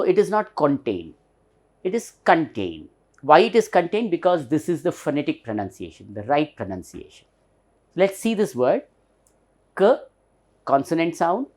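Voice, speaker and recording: A male teacher with an Indian English accent giving a recorded phonetics lesson, explaining slowly and repeating words to show their stress. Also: on the high side, darkish tone.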